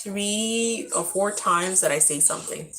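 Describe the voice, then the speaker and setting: A soft-spoken woman, a mother and vlogger, chatting gently and reflectively in a casual live stream from home. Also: mid-range voice, unhurried, background noise. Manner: gentle, reflective, talks to viewers and her child. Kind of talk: casual live vlog chat.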